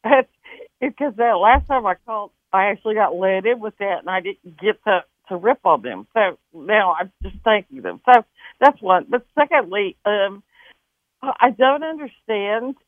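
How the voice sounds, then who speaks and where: A woman's voice: mid-range voice, expressive, moderate pace, no echo. A woman from northwestern Wisconsin calling into a radio show, chatty and emphatic, rambling a little with fillers. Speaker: caller. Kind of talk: call-in chat. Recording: tinny phone line.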